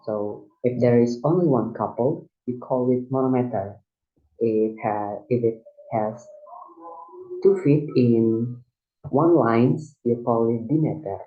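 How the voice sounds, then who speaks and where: Slow, halting man explaining a lesson. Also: mid-range voice, soft background music. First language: Indonesian. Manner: halting, with many restarts and fillers, explaining step by step. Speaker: student teacher. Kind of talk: recorded classroom lesson. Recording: dull lo-fi recording.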